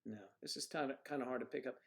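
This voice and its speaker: A man's voice: mid-range voice, fairly even intonation, rapid-fire. Guy hosting a livestream, goofy rambling chat, playful and jokey. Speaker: livestream host.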